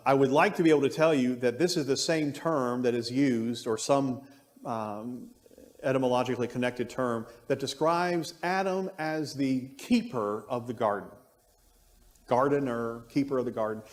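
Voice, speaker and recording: A man's voice: medium pitch, moderate pace. A man teaching an adult Bible class, musing aloud and thinking through his points with frequent restarts. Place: church classroom. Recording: long reverb of a church room.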